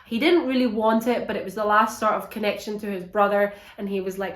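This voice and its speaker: A young woman giving a casual, animated book review, swearing a lot and sounding exasperated. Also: mid-range voice, fairly quick, roomy sound.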